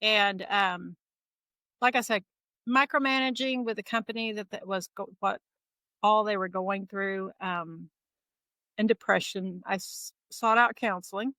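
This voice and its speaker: A middle-aged woman tells her own story as an interview guest. Her voice is bright and forward, and the recording is dry. She keeps things lively and slips into the voices of the people she quotes. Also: mid-range voice, unhurried, no room sound, rough recording. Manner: lively retelling that acts out quoted dialogue. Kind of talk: casual conversational storytelling.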